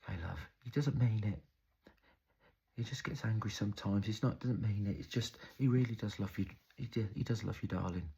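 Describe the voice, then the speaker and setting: A man voicing a battered mother who gently soothes her son and makes excuses for her husband. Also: lowish voice, fairly quick, creaky, husky, lo-fi sound, voice pushed up, full character voice. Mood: soothing. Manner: soft, soothing, making excuses. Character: consoling battered middle-aged mother.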